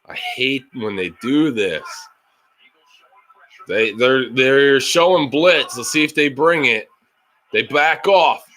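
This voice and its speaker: Swearing in frustration at the play calling, a man streams his live reaction to a football game, mixing in stretches of play-by-play. His voice is medium-pitched and fairly bright, with a faint hiss or hum behind it.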